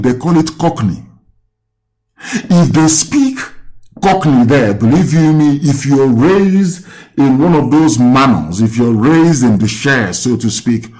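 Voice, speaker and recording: A man's voice: medium pitch, a little mellow. A man with a Nigerian accent hosting a live call-in talk, lecturing and asking the caller rhetorical questions. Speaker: host.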